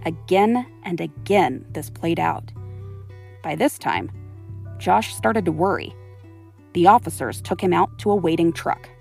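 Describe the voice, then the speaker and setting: A woman's voice: fairly low pitch, lively intonation, measured pace, creaky, a little mellow, breathy edge, faint music behind. A woman host giving scripted, suspenseful narration of a true story.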